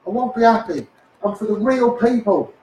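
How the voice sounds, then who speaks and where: A Scouse man with a very high voice rants angrily through a live stream. He swears, trips over repeated words and keeps coming back to "mate" and "you know". His voice sounds distant and bounces around an echoey room. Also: expressive, moderate pace, a little mellow. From Liverpool, England. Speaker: activist livestreamer. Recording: echoey room, voice far from the mic.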